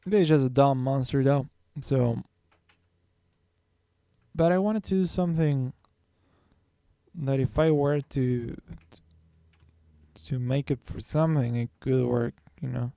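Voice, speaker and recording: A man's voice: mid-range voice, takes it slowly, vocal fry, long pauses, warm tone, no room sound, clean studio sound. A man streaming his drawing, talking casually to himself and his viewers in a rambling, self-correcting way. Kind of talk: casual thinking-aloud while drawing.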